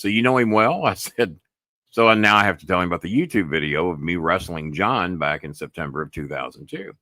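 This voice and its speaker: A man hosts his own show and rambles through a story, full of "I said" asides and casual swearing. His voice sits low. The sound is dry and close, with no room around it. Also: a bit bright, no echo. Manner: rambling, retells calls with many "I said" asides; frequent swearing. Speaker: podcast host.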